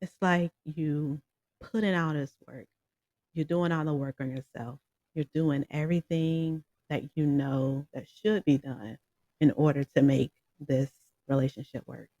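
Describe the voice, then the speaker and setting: A casual music reviewer rambles through thoughts on a song, full of fillers, laughs and direct asides to the audience. The voice sits at an ordinary middle pitch. It is recorded close and dry, with no room sound. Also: a little slow, no echo, highs cut off. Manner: rambling and animated, with many fillers and frequent laughs; talks straight to viewers.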